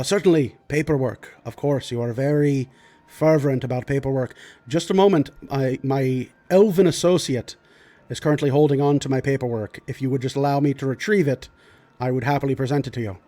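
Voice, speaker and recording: A man's voice: mid-range voice, warm tone, natural voice. A man voicing a small, scheming male lord who speaks in an overly polite, formal, apologetic way.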